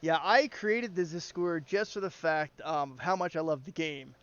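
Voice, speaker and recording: A man hosts a casual voice chat on running game servers, talking in an easygoing, joking way with lots of fillers. His voice sits a bit high and comes through smooth and clear. The headset audio is dull and lo-fi. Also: normal speed, a bit bright. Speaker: game server community founder and host.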